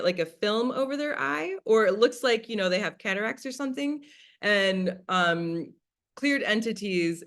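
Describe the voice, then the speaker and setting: This American woman leads a class in a chatty, informal way, regularly dramatizing her earlier thoughts as quoted asides. Her voice is mid-range with a fairly bright tone.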